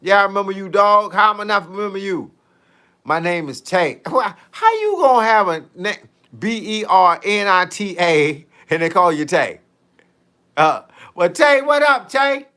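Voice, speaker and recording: A man's voice: sits high, expressive, normal speed, sharp tone. Slangy, joking man chatting live. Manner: laid-back and joking, heavy slang. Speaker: fitness coach hosting a live stream. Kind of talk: casual live-stream chat, reading viewer comments.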